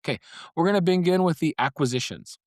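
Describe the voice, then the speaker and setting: A man's voice: a little high, expressive, fast talker, dry recording, clean studio sound. A man hosting a solo comic podcast, talking in a wry, playful, conspiratorial way and laughing between phrases. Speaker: podcast host.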